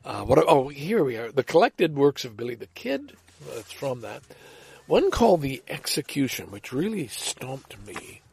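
A man's voice: mid-range voice, big pitch swings, unhurried, gravelly, darkish tone, husky. A man chatting casually and rambling about his books, breaking off to read poems aloud with feeling. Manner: rambling, self-interrupting, enthusiastic; reads poems aloud expressively. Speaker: vlogger sharing books and poems. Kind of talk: casual rambling talk with poetry readings.

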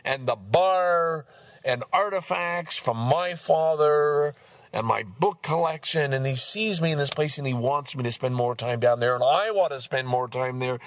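A man in his sixties from Canada, talking in a rambling, profane monologue that swings between loud outbursts and low muttering. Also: a little slow. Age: 60s. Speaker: vlogger. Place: outdoors in a park.

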